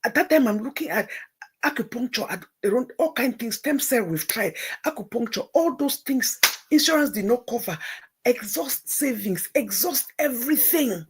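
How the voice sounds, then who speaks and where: A middle-aged woman, hosting a livestream and telling a personal story, moving between hushed near-whispers and tearful outbursts. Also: fairly high pitch, lively intonation, moderate pace. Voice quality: gravelly, very husky voice. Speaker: livestream host.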